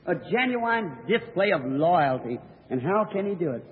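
A man's voice: sits high, very animated, moderate pace. A man preaching, telling a story in a sermon with folksy rural grammar and earnest emphasis. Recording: old tinny recording of a reverberant hall.

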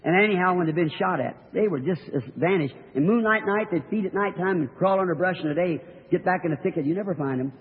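A man's voice: sits high, fast, hardly any pauses. A man preaching, telling a story in a sermon with folksy rural grammar and earnest emphasis. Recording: old tinny recording of a reverberant hall.

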